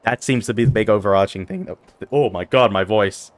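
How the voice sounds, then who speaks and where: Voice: mid-range voice, fairly quick, no echo. A streamer chatting playfully with viewers during a long gaming stream, reading chat aloud and teasing back, sounding tired. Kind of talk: casual live-stream chat while gaming.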